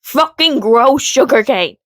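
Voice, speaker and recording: A woman with a fairly high voice rants casually to her vlog camera. She rambles and swears freely, dropping to low mutters and then rising into loud, exasperated outbursts. The sound is dry and close, with no room echo. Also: expressive, slow. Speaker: vlogger.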